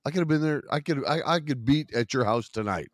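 A man's voice: medium pitch, animated, quick pace, no echo. Laid-back swearing man, dry close sound. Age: adult parent. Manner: laid-back, swears freely, laughs often. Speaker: podcast co-host. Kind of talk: casual chat.

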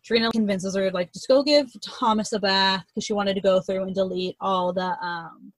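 A young woman rambles through a book's ending in casual chat, dropping swear words and acting out lines as she goes. Her voice sits at an ordinary middle pitch. The sound is close and dry. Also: steady tone, moderate pace, dry recording, low-quality recording. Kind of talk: casual chat retelling a novel.

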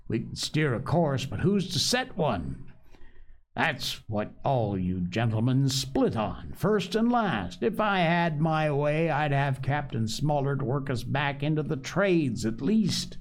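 A man's voice: medium pitch, big pitch swings, slow pace, pitched above the performer's own voice. A man voicing a sly, scornful old pirate cook who talks in a growling pirate dialect. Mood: contemptuous.

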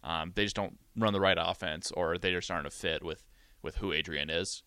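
A man's voice: deep voice, fairly even intonation, brisk, bright, forceful tone, clear, resonant tone, dry recording, clean studio sound. A man co-hosting a casual sports talk radio show, talking hesitantly and restarting as he searches for words.

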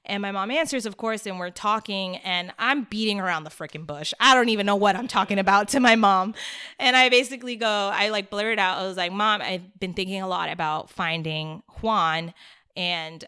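A young woman guest telling a personal story in a chatty, casual way, full of "like" and quick laughs. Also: medium pitch, pushed and bright, smooth. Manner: chatty, peppered with "like", laughs often.

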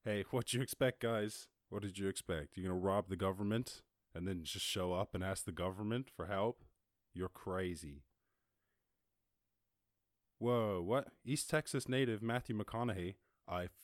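A man with an Irish accent hosting a casual solo podcast, reacting to news in a jokey, excitable way and swearing freely. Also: sits low, moderate pace, no echo, studio quality. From Ireland. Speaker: podcast host.

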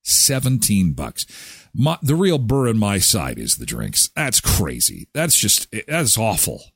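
A man's voice: fairly low pitch, wildly swooping pitch, unhurried, breathy edge. A man hosting a daily morning show, talking casually and animatedly, often breaking into incredulous exclamations. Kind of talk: casual chat show monologue.

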